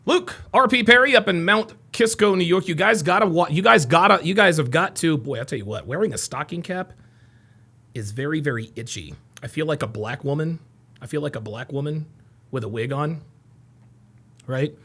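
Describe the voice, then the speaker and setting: A man hosting a casual livestream, reading out viewers' names and places with upbeat shout-outs and dropping into low mumbled asides. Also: animated, moderate pace. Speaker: livestream host.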